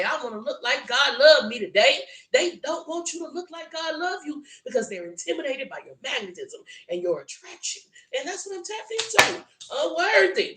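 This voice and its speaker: A woman's voice: sits high, fairly bright tone, roomy sound. A woman with a South Louisiana Southern drawl giving a blunt, profane, preachy tarot reading. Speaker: tarot reader. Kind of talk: solo tarot reading monologue.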